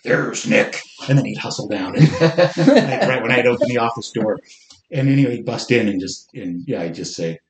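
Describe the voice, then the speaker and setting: A man who used to work in homeless services, telling stories in a casual, earnest and halting way. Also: fairly low pitch, darkish tone. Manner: earnest, halting, often restarts. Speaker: former homeless services worker. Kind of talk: casual storytelling.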